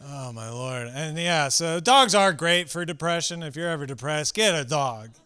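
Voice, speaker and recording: A man in his thirties doing a stand-up comedy set on a club stage, animated and breaking into shouted acted-out bits. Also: fairly high pitch, moderate pace. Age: 30s.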